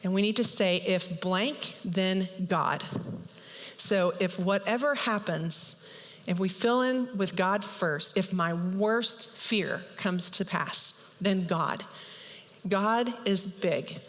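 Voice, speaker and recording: Woman, pastor, chatty storytelling sermon, medium pitch, long reverb. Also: takes it slowly. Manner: lively, chatty, acts out characters. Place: church.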